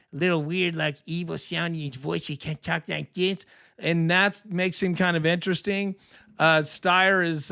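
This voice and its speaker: A man hosting a casual live election podcast, rambling and sarcastic, tired from little sleep but excited. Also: fairly high pitch, clean tone. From California. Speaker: political podcast host.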